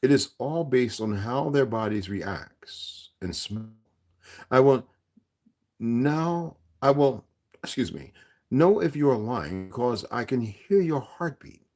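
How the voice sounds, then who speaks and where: A man reading aloud, voicing a stern, possessive man who speaks softly and calmly with a serious edge. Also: mid-range voice, slow pace. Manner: soft, calm, serious. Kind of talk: audiobook reading.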